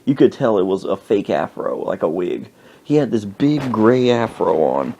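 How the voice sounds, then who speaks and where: A young man hosting a podcast, telling a rambling comic story with animated exaggeration. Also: lowish voice, moderate pace, gravelly, dull audio, background noise. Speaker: podcast host.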